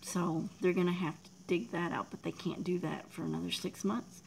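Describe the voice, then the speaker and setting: A woman, chatting casually on a livestream, emotional and soft, often dropping to a near whisper as she thanks viewers in chat. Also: on the low side, fairly even intonation, moderate pace, creaky, a little hiss or hum, low-quality recording. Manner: emotional, talks softly, drops to near whispers. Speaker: livestream host.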